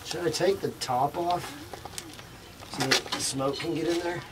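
A man's voice: a little high, measured pace. A man visiting as a guest, asking practical questions in casual talk while working outdoors at a smokehouse. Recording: noisy outdoor farm ambience.

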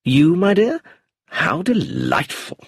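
A man's voice: fairly high pitch, huge pitch swings, takes it slowly, slightly rough, dry recording, voice pushed up, heavily acted. A man playing a charming, amused rogue who is cold underneath, drawling and chuckling as he talks in a storybook reading.

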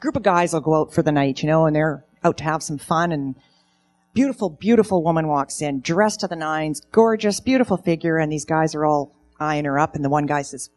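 Woman comedian, middle-aged, deadpan stand-up, lowish voice, faint music. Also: fairly quick. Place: event stage.

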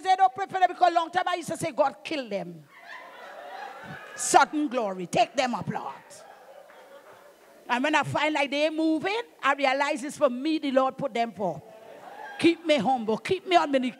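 A middle-aged woman pastor with a Trinidadian accent, preaching a sermon in an emphatic, fervent way, calling out to the congregation and breaking into shouts. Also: high-pitched.

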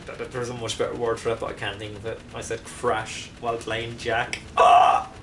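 A man's voice: medium pitch, little pitch movement, unhurried, recorded from a distance, very noisy. A man giving casual gameplay commentary, rambling and poking fun at himself as he plays. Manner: rambling, self-mocking, jokey asides. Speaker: let's play commentator.

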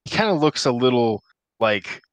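A man narrating as game master for a tabletop role-playing session, talking in halting bursts with many restarts. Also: medium pitch, very animated, no echo. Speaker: dungeon master.

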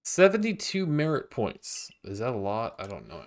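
A man streaming a video game, talking casually and getting excited about each new find. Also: medium pitch, normal speed. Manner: excitable, gasping and laughing at new discoveries. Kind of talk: casual gameplay commentary.

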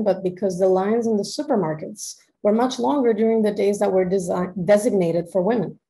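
A woman's voice: mid-range voice, dark tone, poor audio. A woman from Peru, reading a prepared academic lecture carefully over a video call. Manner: measured, careful delivery of written text. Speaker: academic presenter.

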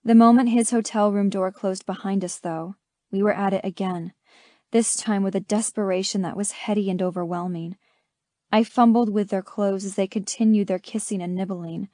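Mellow woman narrating an audiobook. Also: medium pitch, fairly even intonation, normal speed, no echo. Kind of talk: first-person romance narration.

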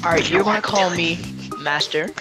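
A woman playing a rude, bossy young babysitter in an improvised game role-play, with a dismissive, drawn-out delivery. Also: lowish voice, loud music behind the voice, lightly acted.

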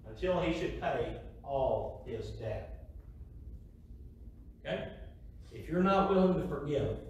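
A man's voice: fairly high pitch, a little mellow. A middle-aged man preaching a sermon, emphatic, repeating key phrases and asking the congregation rhetorical questions. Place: church sanctuary. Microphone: distant mic. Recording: very echoey hall from a distance, faint hiss.

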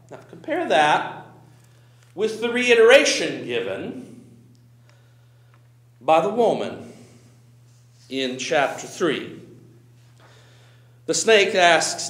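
A man preaching as a pastor, conversational and animated, swinging from loud emphasis to quiet asides. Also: a little high, drawn-out words, long pauses, roomy sound. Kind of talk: sermon.

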